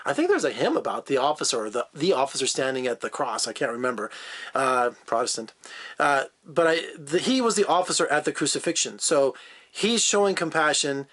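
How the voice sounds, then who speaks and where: A man's voice: mid-range voice, sing-song, brisk, a bit bright. A man giving a casual movie review as a film critic, chatty and digressive, with frequent fillers.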